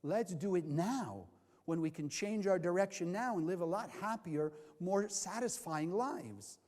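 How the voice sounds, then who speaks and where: A man from California teaches a Kabbalah class as a lecture to a live audience, posing questions and answering them himself. His voice sits high, a little slow and a little mellow, with a long hall reverb on the recording.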